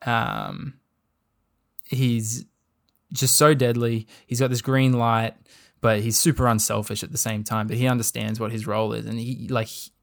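A man's voice: mid-range voice, creaky. A young Australian man talking casually about basketball on a podcast, rambling along with plenty of "like" and "um". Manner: rambling, filler-heavy with frequent "like" and "um". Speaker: podcast host. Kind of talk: casual sports chat.

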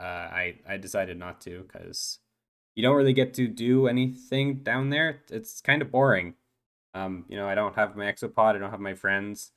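A man's voice: lowish voice, a bit bright, close to an everyday voice. A man voicing an eight-year-old uplifted dolphin boy in a tabletop role-play, talking hesitantly with lots of stammers and restarts. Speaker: player.

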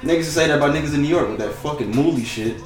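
A man's voice: fairly high pitch, very fast, roomy sound, soft background music. A man in his twenties hosting a podcast, talking in loose, profane, joking banter. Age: 20s. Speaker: podcast host. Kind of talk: casual podcast chat.

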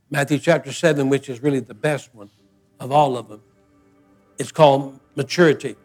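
An older man preaching a sermon as pastor, folksy and emphatic, with repeated phrases. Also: a little high.

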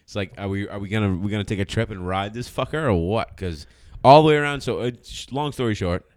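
A podcast co-host with a fairly low, slightly mellow voice talks fast in casual chat, telling a rambling, profane story and laughing along the way. The recording is dry and studio quality.

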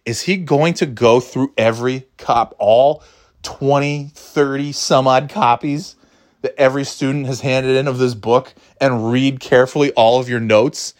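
Recalling his school days, a man in his forties tells the story casually, rambling, swearing and poking fun at himself. His mid-range voice stays steady, and he speaks at a measured pace.

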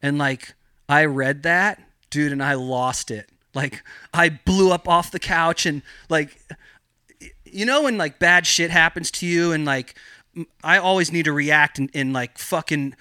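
A man's voice: a little high, a little slow, clear, resonant tone, dry recording, studio quality. A man guesting on a podcast, telling a story in a casual, rambling way, swearing a lot, filling his talk with fillers, and acting out the voices he quotes. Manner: profane, rambling, animated, heavy on fillers.

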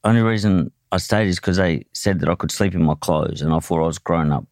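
A man's voice: low voice, a little fast, a little mellow, no room sound, studio quality. An Australian man telling his own story in a candid, blunt way, swearing often and restarting his sentences. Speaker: podcast guest, boxer.

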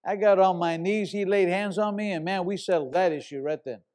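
A man's voice: sits high, fairly quick, a little mellow. A middle-aged man, a pastor, preaching a sermon and telling a story with emphatic, repeated words.

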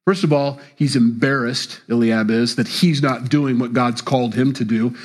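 A male pastor preaching a sermon, with animated delivery and sudden jumps in pitch on key words. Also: moderate pace.

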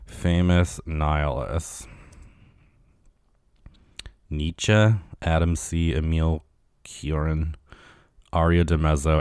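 A man's voice: rumbling low, a little mellow, dry recording, clean studio sound. A young man hosting a solo podcast, rambling in casual chat full of fillers and swearing. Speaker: podcast host.

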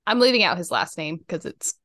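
A woman co-hosting a podcast, chatting casually through a guessing game, animated and quick to laugh and exclaim. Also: fairly low pitch, dry recording, studio quality. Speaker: podcast co-host.

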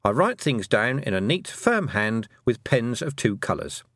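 A brisk, emphatic witch and schoolteacher, as a male reader puts her on, lecturing in a high, swooping voice that leans hard on its words. The read is close and dry, with no room around it. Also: very animated, a bit bright, dry recording. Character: brisk, sharp-tongued woman witch and teacher. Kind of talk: audiobook character voice.

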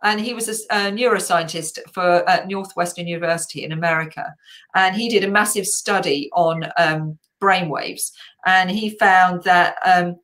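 A woman's voice: lowish voice, normal speed, fairly bright tone. Chatty middle-aged woman hosting a live chat. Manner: chatty, rambling, with fillers and self-corrections. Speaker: host.

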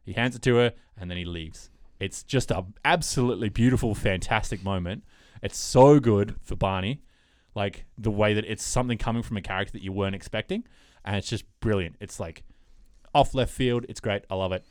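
A man's voice: on the low side, a little fast, no room sound, studio quality. A man co-hosting a podcast in a casual chat, rambling with lots of fillers as he retells TV scenes. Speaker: podcast co-host.

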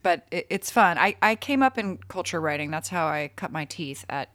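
Woman in her forties, low voice, chatty and self-correcting, dry close sound. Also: expressive, normal speed, fairly bright tone, no room sound. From North Carolina. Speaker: guest writer. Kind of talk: casual interview chat.

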